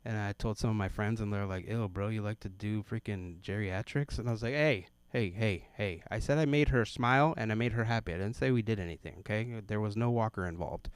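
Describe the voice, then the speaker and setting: A man's voice: on the low side, fast, hardly any pauses, clean tone, no room sound. A man in his thirties doing a stand-up set at an open mic, telling family stories and briefly putting on voices for the people in them. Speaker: stand-up comedian.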